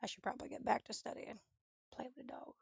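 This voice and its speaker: A young woman with a fairly high, creaky voice, chatting casually at her desk at home and cooing baby talk at her dog. The sound is dry and close, with no room echo. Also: fairly even intonation, quick pace, muffled recording. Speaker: streamer. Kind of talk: casual chat while studying.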